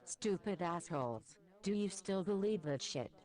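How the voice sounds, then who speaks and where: A woman voicing a small, crude, hot-tempered male goat devil who swears a lot, in a lowered gruff voice. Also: animated, measured pace, a little mellow. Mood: furious.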